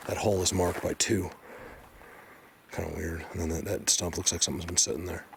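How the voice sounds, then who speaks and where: A low-voiced man talks to his viewers while exploring the woods, keeping his voice hushed and then bursting into excited remarks. He often slips into a whisper, and the outdoor recording carries clear background noise. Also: fairly quick. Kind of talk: casual narration to camera.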